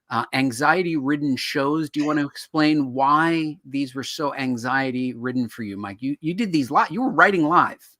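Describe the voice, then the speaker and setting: Bright-voiced man teaching comic writing. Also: mid-range voice, no echo, studio quality. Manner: animated, acts out quoted reactions. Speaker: co-host of a comic writing show. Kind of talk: casual instructional chat.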